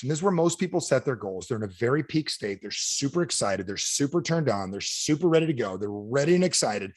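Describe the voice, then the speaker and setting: A man giving an energetic sales training talk over a video call, firing questions at his audience. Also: mid-range voice, breathy edge, no echo, studio quality. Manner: animated, asks the audience repeated questions. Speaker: motivational speaker.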